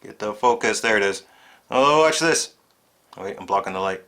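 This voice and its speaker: A man's voice: fairly low pitch, animated, normal speed, roomy sound, background noise. A man hosting a casual hobby repair vlog, chatty and self-mocking, chuckling at his own mistakes while he works. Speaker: RC truck hobbyist channel host. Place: home shed workshop.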